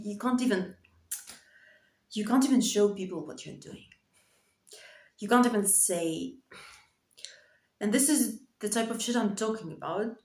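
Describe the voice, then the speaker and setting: Woman vlogger, confessional to camera, emotional and halting, voice cracking, echoey bedroom. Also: medium pitch, darkish tone. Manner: emotional, halting, repeats phrases, nervous laughs. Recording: echoey room.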